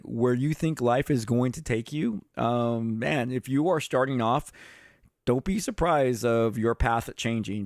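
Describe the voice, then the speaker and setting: Plain-spoken retired cop telling stories. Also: male voice, mid-range voice, no room sound, studio quality. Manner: conversational, addresses viewers directly, swears casually. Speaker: streamer and retired police chief. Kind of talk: casual livestream storytelling.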